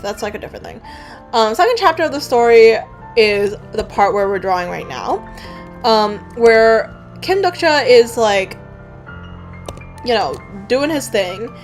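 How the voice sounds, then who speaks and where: Woman comic artist, casual story recap while drawing, somewhat high voice, rambling, faint music under her. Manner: rambling, full of fillers and casual swearing.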